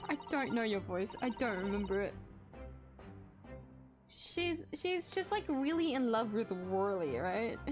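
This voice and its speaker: A woman's voice: on the high side, sing-song, measured pace, music in the background. A young woman streamer chatting casually to viewers while playing a game, giggly and self-deprecating.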